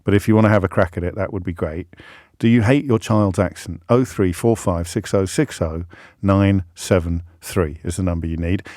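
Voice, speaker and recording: A middle-aged man hosting a radio phone-in from a studio, chatty and teasing with a self-mocking streak. His voice sits fairly low and sounds dry and close. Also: darkish tone, dry recording.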